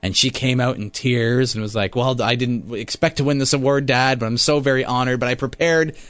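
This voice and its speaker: A man co-hosting a radio talk show, retelling events in a casual, lively way and acting out quotes. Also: mid-range voice, brisk, no echo. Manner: lively storyteller, acts out quotes. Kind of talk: casual chat about wrestling.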